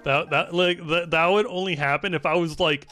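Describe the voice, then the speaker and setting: A man's voice: fairly high pitch, fairly even intonation, normal speed, sharp tone, soft background music. A young man casually telling a story while playing a game, rambling with many restarts and filler words, laughing and swearing now and then. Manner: laughs often at his own story. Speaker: gamer narrating gameplay. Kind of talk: casual gaming commentary and storytelling.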